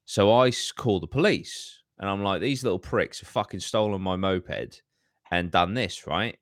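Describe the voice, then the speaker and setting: A man's voice: low voice, moderate pace, no room sound, studio quality. A man, hosting a podcast and telling a story in casual chat, swearing heavily and ranting with animation. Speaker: podcast host.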